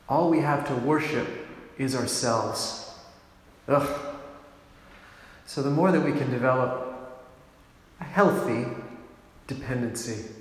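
A man, a priest from a monastic order, giving a gentle, reflective sermon, unhurried and often breaking into soft laughs. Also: medium pitch. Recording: very echoey hall with long reverb, faint room noise.

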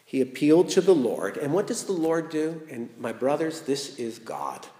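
A man's voice: a little high, big pitch swings, moderate pace, dark tone, roomy sound, big-room sound. A man giving a sermon, retelling a story in a playful way with rhetorical questions. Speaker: preacher.

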